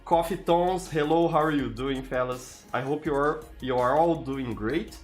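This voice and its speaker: Faint music plays behind this tired Brazilian man, whose voice sits a little high and moves at a moderate pace. Live streaming in a relaxed, casual way, he greets viewers by name and restarts often, his Brazilian Portuguese accent clear throughout.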